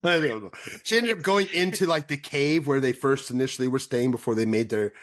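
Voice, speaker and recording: A man's voice: medium pitch, brisk. Conversational man reviewing a film. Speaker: podcast co-host. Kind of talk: casual film review chat.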